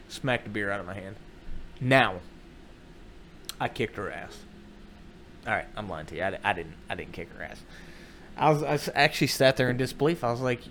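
A man telling a funny story in a casual, foul-mouthed way, jumping into loud voices when he quotes people. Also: mid-range voice, moderate pace, pauses often, slight background noise. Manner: animated, profane, swings into loud quoted voices. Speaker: comedic storyteller.

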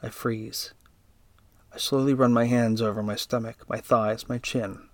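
A man reading a first-person story aloud in a steady, even narrating voice. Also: medium pitch, measured pace, no room sound.

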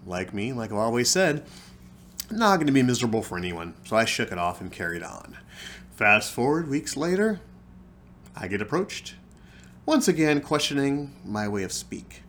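A man talks straight to his podcast listeners, theatrical and wry. His voice sits fairly low but jumps around a lot as he tells the story. A faint hum of room noise sits behind him. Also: a bit bright. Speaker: podcast host. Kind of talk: storytelling monologue.

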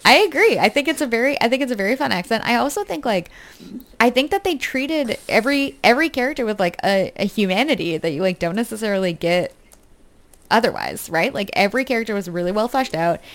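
A woman's voice: a little high, lively intonation, fast talker. A woman in casual conversation about a film, agreeing eagerly and laughing often. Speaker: podcast co-host.

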